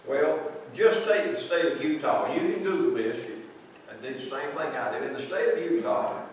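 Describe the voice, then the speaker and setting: Preacher in a booming echoey church. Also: male voice, animated, normal speed, recorded from a distance. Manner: folksy, asks the congregation questions. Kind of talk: conversational sermon. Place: large echoey church sanctuary. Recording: very echoey church recording from afar, faint noise.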